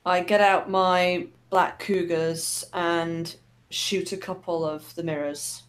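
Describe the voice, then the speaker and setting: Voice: medium pitch, fairly even intonation, takes it slowly, clear, resonant tone. A player in a tabletop role-playing game, talking in a dry, laid-back way. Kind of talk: casual game chat.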